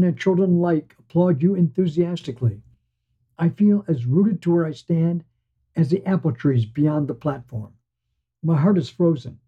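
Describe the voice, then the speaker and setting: Male podcast narrator, measured and wistful, very mellow dark tone, husky, dull lo-fi recording. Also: on the high side. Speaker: podcast storyteller. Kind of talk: scripted first-person story narration. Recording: dull lo-fi sound.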